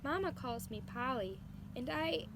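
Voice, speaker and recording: A timid little girl kitten with a high, small voice, played by a woman reading aloud. She speaks shyly and slowly. A steady hiss runs under the recording.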